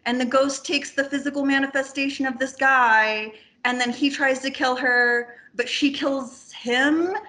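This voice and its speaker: In a high-pitched voice and at a measured pace, a woman rambles animatedly as a guest on a film podcast. She fills her speech with "like" and tosses in casual swear words.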